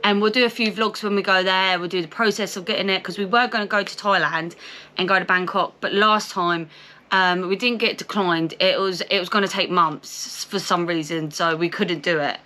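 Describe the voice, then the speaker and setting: A young woman with a Portsmouth English accent, chatting animatedly and reading viewer comments aloud on a travel vlog. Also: on the low side. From England. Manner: chatty and animated, quick reactions. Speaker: travel vlogger.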